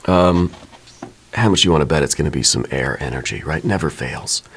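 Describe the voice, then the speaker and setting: A man giving a soft-spoken ASMR tarot reading, reassuring and unhurried, often checking in with "right?". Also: extremely low pitch, husky. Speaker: tarot reader.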